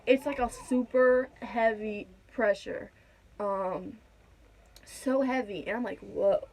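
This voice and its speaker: A woman's voice: a little high, takes it slowly, a little mellow, rough recording. A young woman casually telling her birth story in a vlog, rambling with lots of fillers. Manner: rambling, many "like" and "whatnot" fillers.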